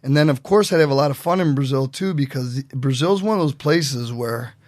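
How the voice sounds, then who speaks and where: A man telling stories as a podcast guest in a casual, animated way, acting out what other people said. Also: medium pitch, fairly quick, dry recording, clean studio sound. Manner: animated, acts out quotes in voices. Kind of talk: casual storytelling.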